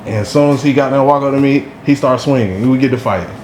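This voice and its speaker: A man's voice: mid-range voice, fast, darkish tone. A man, a podcast guest telling a story from his school days in a loose, slangy way that is full of "you know what I'm saying". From Durham, North Carolina. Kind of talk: casual storytelling. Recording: echoey room, faint background hum.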